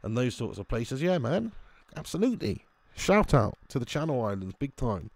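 A young man commentates his own football video game live, shouting at his players and swearing. He keeps stopping to greet viewers from chat by name. His voice sits at an ordinary middle pitch and is recorded dry and close, with little room sound. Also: big pitch swings, moderate pace, no echo.

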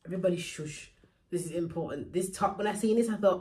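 A woman's voice: lowish voice, fast talker, dark tone, breathy edge. A woman, chatting casually to camera in a filler-heavy vlog while getting over a sore throat. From England. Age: 20s. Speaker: vlogger. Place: at home.

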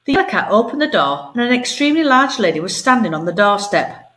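A woman teacher reading a story aloud to her pupils, expressive and animated. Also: on the high side, fast talker. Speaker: primary school teacher. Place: home.

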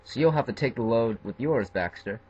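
A man's voice: mid-range voice, expressive, a little fast, a little mellow, slightly rough. A man voicing a stern male mine foreman who gives orders in a matter-of-fact way, recorded with dull, lo-fi sound.

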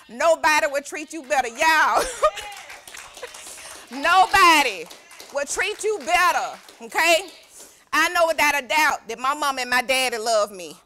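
A woman's voice: high voice, big pitch swings, slow, long pauses, sharp tone, slight background noise. A young woman preaching a sermon as youth pastor, exuberant and calling out to the congregation in a church. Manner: exuberant, call-and-response with congregation.

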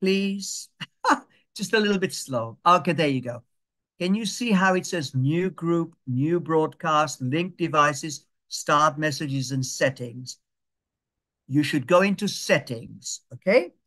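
Guy teaching phone basics on a video call, slow and patient, keeps checking in. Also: a little high, animated, pushed and bright. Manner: patient, repeats steps slowly and checks understanding. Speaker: digital skills tutor. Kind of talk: step-by-step lesson over a video call.

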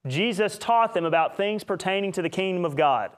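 Preacher guy doing a bible study, bit high voice, gets fired up and cracks jokes. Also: a little fast, few pauses. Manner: animated, with joking asides and mock voices. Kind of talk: Bible teaching session.

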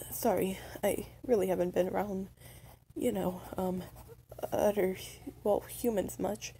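A woman's voice: mid-range voice, creaky, mellow, a little hiss or hum. A young woman playing a shy, lonely undead young being in a role-play spoken to the listener, stuttering and hesitant.

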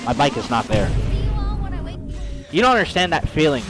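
A man's voice: medium pitch, big pitch swings, moderate pace, over music. A man streaming a game while telling a story in casual, profane slang, calling his listeners bro.

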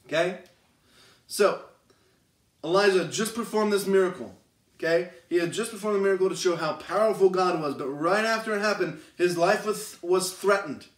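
A man's voice: high-pitched, moderate pace. A man giving a casual youth sermon, retelling scripture conversationally and checking in with listeners. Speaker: youth pastor. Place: church. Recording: roomy, distant mic.

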